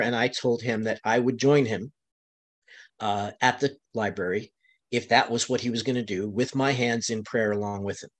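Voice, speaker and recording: An American man on a webinar panel, retelling events conversationally, his voice climbing high when he quotes others, with frequent restarts. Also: brisk, a bit bright. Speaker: panel guest, county LGBTQ commissioner.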